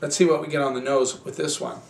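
A man hosting a wine show, tasting and reviewing wines in a relaxed, rambling, conversational way. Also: on the high side, fast, gravelly, reverberant, distant mic.

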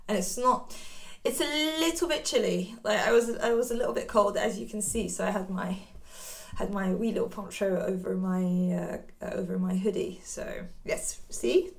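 Warm-hearted storytime reader: a woman, slow and patient, with a sing-song, very lively pitch for little kids. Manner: slow, gentle and coaxing, like a teacher talking to small kids. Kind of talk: reading aloud to young children.

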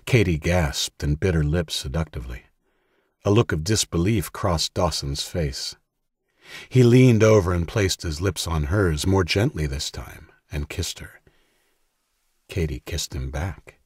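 A man narrating an audiobook in a steady, measured storytelling voice. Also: a bass voice, slightly rough, no room sound, clean studio sound.

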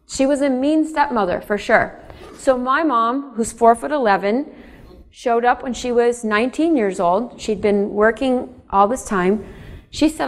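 A middle-aged woman author giving a lecture, telling family stories in a chatty way and often turning to the audience with asides. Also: a little high. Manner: chatty, addresses audience directly, animated asides. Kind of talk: public lecture, storytelling.

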